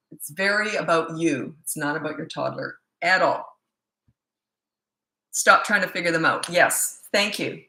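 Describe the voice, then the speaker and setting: A woman's voice: low voice, unhurried, echoey room, rough recording. A woman parenting coach chatting casually in a live Q&A, telling stories with lots of laughter. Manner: animated storyteller, laughs often.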